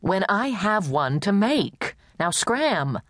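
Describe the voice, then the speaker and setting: A man's voice: high voice, big pitch swings, slow pace, a bit bright, no echo, studio quality, voice pushed up, full character voice. A woman voicing a short, pushy male police chief who talks bluntly and bossily. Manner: blunt, brusque, bossy.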